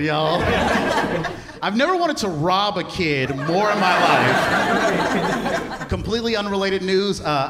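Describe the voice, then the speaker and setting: A young man performing a stand-up comedy set, telling stories in an animated way with laughing asides. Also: high-pitched. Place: large comedy venue with live audience. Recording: live hall reverb with audience noise.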